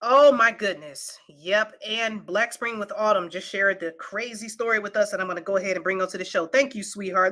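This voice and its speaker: A woman with a twang chats casually on a livestream, joking with her viewers and laughing easily. Her voice has a bright, ringing edge. She banters between stories and then reads the news aloud in the same easygoing way. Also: mid-range voice, brisk, few pauses. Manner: playful, teasing the chat, bursts of laughter. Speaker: livestream co-host.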